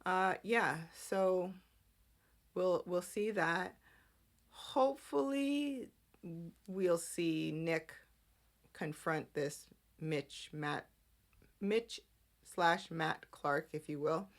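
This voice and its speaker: A woman's voice: fairly low pitch, extremely slow, long pauses. A woman hosting a podcast, chatting casually through a soap opera recap and acting out the characters' lines. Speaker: podcast host.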